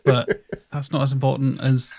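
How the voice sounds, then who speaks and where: A guest podcaster joking sarcastically. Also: male voice, medium pitch, little pitch movement, moderate pace, gravelly, a little mellow. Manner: jokey, sarcastic.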